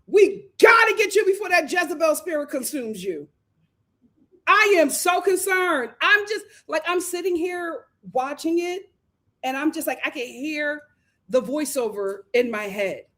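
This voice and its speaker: A woman hosting a live reality TV recap, dramatic and full of laughter. Her voice sits high and bright and swings widely as she reacts. She often drops into hushed impressions of the people she is talking about. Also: lively intonation, measured pace. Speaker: reality show recap host. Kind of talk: animated live recap commentary.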